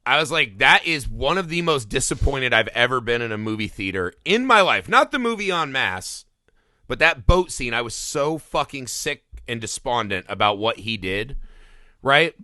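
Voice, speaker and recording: Brash co-host, thirties, bright tone, dead-dry recording, crude jokes. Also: male voice, normal speed, no room sound. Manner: profane, animated, jumps into high mocking voices. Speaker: podcast co-host. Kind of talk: casual film podcast chat.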